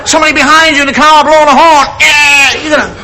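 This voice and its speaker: A middle-aged man doing a relaxed stand-up monologue on stage, acting out gestures and noises as he talks. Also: extremely high pitch, fast talker. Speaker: stand-up comedian. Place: stage before a live audience. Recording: vintage TV broadcast with audience noise and hiss. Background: audience laughter.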